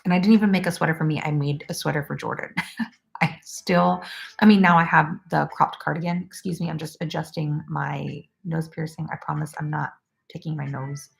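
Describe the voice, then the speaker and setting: A woman's voice: low-pitched, steady tone, brisk, vocal fry. A woman in her twenties chatting casually on a crochet livestream, reading out viewer comments and talking loosely with lots of "like". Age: 20s. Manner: chatty, uses "like" often, laughs easily.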